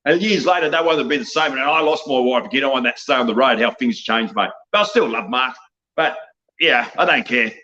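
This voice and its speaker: Ranting older Australian man, fast. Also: mid-range voice, bright, forceful tone, dull audio. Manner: blunt, profane, rambling, tags "mate" on nearly every line. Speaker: wrestling guest. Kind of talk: ranting interview talk.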